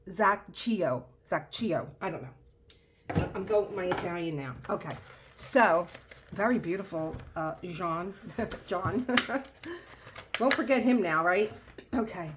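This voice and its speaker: A middle-aged woman hosting her own craft channel, chatting excitedly through an unboxing, trailing off mid-sentence and dropping to a whisper in awe. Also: fairly low pitch, measured pace, long pauses, noisy background. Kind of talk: casual unboxing chat.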